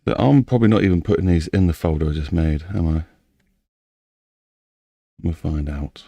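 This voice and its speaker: A man's voice: sits low, normal speed, gravelly, mellow, no room sound. A man, slightly out of breath, thinking aloud to himself as he builds a game map. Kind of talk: casual commentary while building a game map.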